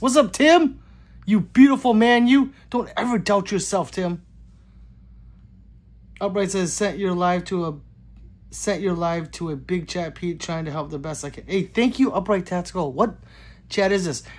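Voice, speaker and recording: Man chatting loosely through a livestream. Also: on the high side. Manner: loose, joking, swings between loud greetings and mutters. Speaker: gun channel host reading live chat. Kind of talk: casual livestream chat.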